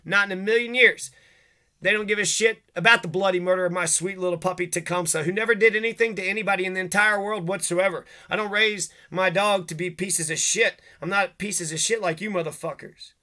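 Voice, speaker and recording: Furious ranting man with a bright voice. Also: high voice, fairly even intonation, brisk. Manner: agitated, profane, accusatory. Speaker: vlogger. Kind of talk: angry rant to camera.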